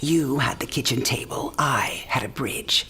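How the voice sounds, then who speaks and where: A woman's voice: a bass voice, unhurried, sharp tone, slightly rough, faint music behind, exaggerated voice. An actress playing a dying old woman who talks frankly, teasing and tender by turns. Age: older. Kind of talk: game cinematic voice acting.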